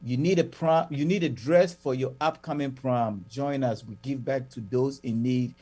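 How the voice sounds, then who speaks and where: A man's voice: medium pitch, normal speed, mellow. A man hosting a talk radio show, reading plugs and bantering playfully with his co-host. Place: radio studio.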